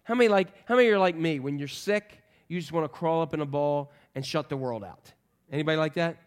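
A man's voice: fairly high pitch, fast talker, clear, resonant tone. A man preaching a sermon in a chatty, joking way, putting questions to the congregation. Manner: conversational, joking, quizzes the congregation. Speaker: pastor.

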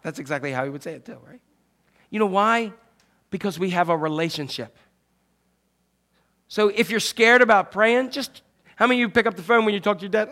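Animated high-voiced male preacher. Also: brisk, long pauses. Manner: animated, swings from loud acted quotes to soft hushed asides. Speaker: pastor. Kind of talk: sermon.

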